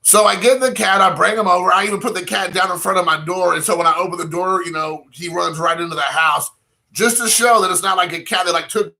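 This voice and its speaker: A young man spins a long personal story in a loose, rambling way, with "like" in nearly every sentence. His voice sits a touch high and rings very bright and sharp, and he slips into quoted dialogue as he goes. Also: fast, vocal fry. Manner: rambling, heavy use of "like" fillers, quoting himself and others. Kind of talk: casual anecdote storytelling.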